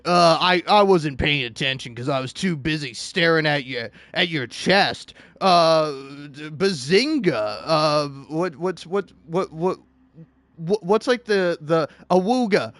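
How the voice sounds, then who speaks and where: A man doing a lowered, dopey voice for a drooling online commenter, stammering and distracted. The voice stays on the high side even when dropped, and it sounds close and dry. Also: takes it slowly, dry recording, heavily acted. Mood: leering, dopey. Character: leering dopey thirsty internet commenter.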